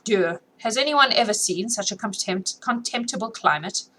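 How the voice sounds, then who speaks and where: A woman's voice: medium pitch, animated, normal speed, sharp tone, poor audio. A woman voicing a merry, impatient young noblewoman with a lilting, mock-dramatic delivery in a storybook reading.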